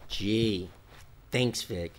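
A man's voice: on the low side, very slow. An actor playing a protective adult son who teases his housemates and stands up for his mother.

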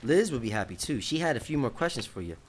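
A man's voice: medium pitch, big pitch swings, quick pace, a little hiss or hum, lightly acted. An actor playing a protective adult son who teases his housemates and stands up for his mother.

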